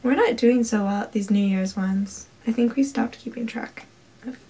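A woman casually quizzing a friend on holiday trivia, playful and quick to laugh. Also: on the high side, dark tone, a little hiss or hum. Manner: playful, laughs often, tries out foreign words. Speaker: trivia quiz partner. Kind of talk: casual chat.

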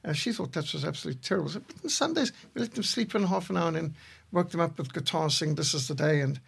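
A man in his sixties, co-host of a podcast, telling measured stories with a dry humor. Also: fairly high pitch, lively intonation, gravelly, a bit bright, breathy edge. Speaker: podcast co-host, missionary leader. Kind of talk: reflective conversation.

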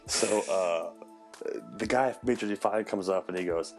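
Low-pitched and talking a little fast over soft background music, a chef podcast host tells animated, sweary stories in casual chat and acts out other people's voices.

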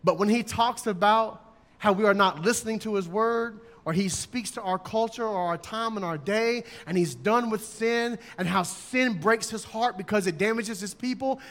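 Man, high voice, emphatic sermon delivery, long echo of a church hall. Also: normal speed, a bit bright. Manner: emphatic, acts out examples in raised voices. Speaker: preacher.

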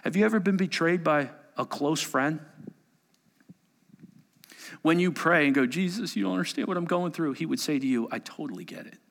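A man preaching a sermon and reading scripture aloud, swinging between hushed asides and loud exclamations. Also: on the high side, moderate pace, pauses often. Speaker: pastor. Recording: long hall reverb.

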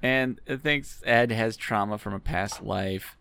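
Gravelly man with wry sarcasm. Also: on the low side, unhurried, a bit bright, no echo. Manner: wry, sarcastic, crude jokes. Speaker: podcast co-host. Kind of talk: casual recap chat.

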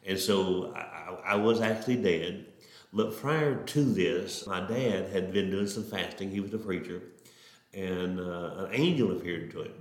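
A middle-aged man tells his testimony as a preacher. His voice sits on the low side and he speaks in a folksy, earnest way, stumbling over his starts. The sound carries a roomy echo. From Oklahoma. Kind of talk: testimony storytelling.

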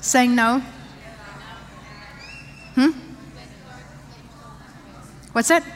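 A woman's voice: high-pitched, extremely slow. Older woman, sermon, emphatic, conversational asides, church hall reverb. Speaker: pastor's wife preaching to women.

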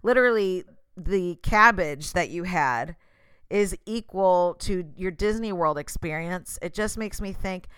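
A woman's voice: mid-range voice, a bit bright, clean tone, no room sound. A woman giving a casual motivational talk straight to the listener, passionate and emphatic.

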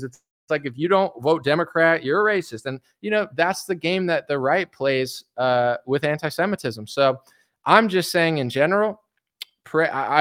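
A man talks in a loose, rambling rant, tripping over his words and starting sentences over. His voice sits a little higher than most men's. It sounds like an off-the-cuff stream. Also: a bit bright. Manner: rambling, repeats words, restarts often. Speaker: political commentary streamer. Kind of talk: casual rant to camera.

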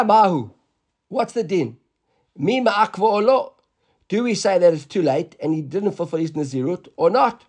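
A man's voice: high-pitched, darkish tone, slightly rough. A man teaching a Talmud class, explaining the text in a conversational way and translating terms into English.

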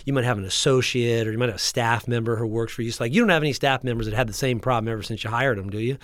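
A man host coaching an audience in an energetic teaching talk, often checking in with his listeners and restarting his sentences. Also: mid-range voice, racing, no echo. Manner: frequent restarts and repeated words. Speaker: practice growth coach and podcast host.

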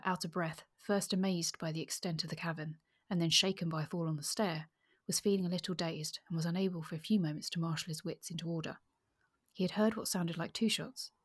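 A woman's voice: low-pitched, husky. A woman co-hosting a book podcast, discussing a novel and reading a passage aloud. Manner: fillers, lively when excited. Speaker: podcast co-host.

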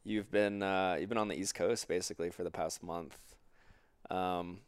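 A man's voice: low-pitched, steady tone, normal speed, clear, resonant tone, no echo. A man hosting a podcast, loose and playful as he prompts his guest. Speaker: podcast host. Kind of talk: casual podcast chat.

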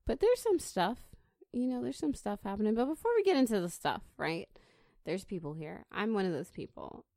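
A woman's voice: mid-range voice, big pitch swings, gravelly, mellow, dry recording, studio quality. A young woman hosting a casual podcast, playful and teasing, hamming up cowboy greetings into the mic. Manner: playful, mock-cowboy greetings, drawn-out intros. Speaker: podcast host. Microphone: studio podcast mic.

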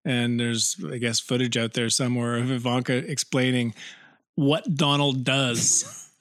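A man in a loose, rambling podcast chat who laughs a lot and stretches his words out for comic effect. His voice sits mid-pitch and sounds dry and close, with no room echo. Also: flat delivery, fairly bright tone. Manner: rambling, laughs often, slows down to drag out a joke. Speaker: podcast co-host. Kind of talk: casual chat.

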